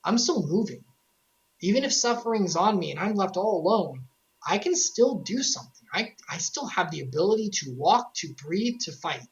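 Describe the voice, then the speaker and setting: A woman's voice: on the low side, big pitch swings, moderate pace, lo-fi sound. A woman voicing a kind-hearted teenage boy hero who speaks in an earnest, resolute way. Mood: determined.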